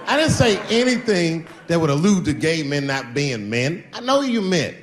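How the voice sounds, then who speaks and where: A man's voice: a little high, moderate pace, hardly any pauses, big-room sound. A man performing a stand-up comedy routine on stage, telling stories and acting out other voices. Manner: animated storytelling, acts out other voices. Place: stage before a live audience.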